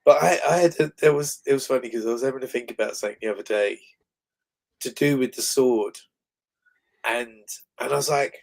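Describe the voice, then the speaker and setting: A man's voice: mid-range voice, vocal fry. A man chatting casually on a livestream, rambling and restarting his sentences. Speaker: comic book creator.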